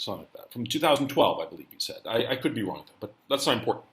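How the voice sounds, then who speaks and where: A man's voice: mid-range voice, big pitch swings, rapid-fire, hardly any pauses, fairly bright tone. A man hosting his own channel, telling a story in a loose, rambling, conversational way from indoors. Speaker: channel host. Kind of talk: casual storytelling monologue. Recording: roomy echo.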